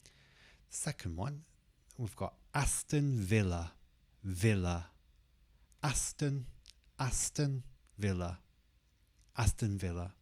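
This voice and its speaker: A man teaching English pronunciation, who says each word slowly and carefully and repeats it twice. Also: fairly low pitch, lively intonation, a little mellow. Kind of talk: pronunciation lesson.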